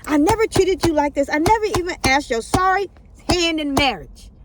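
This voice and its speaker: A woman voicing a mistreated female donkey that pleads with its owner, in a drawn-out dramatized Bible reading. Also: high-pitched, expressive, heavy background noise, pitched above the performer's own voice. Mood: hurt.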